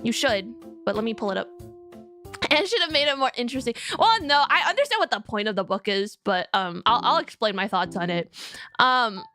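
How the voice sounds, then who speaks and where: A woman's voice: a little high, expressive, moderate pace, pushed and bright, soft background music. A young woman streamer chatting casually with her viewers, rambling and giggly with lots of fillers.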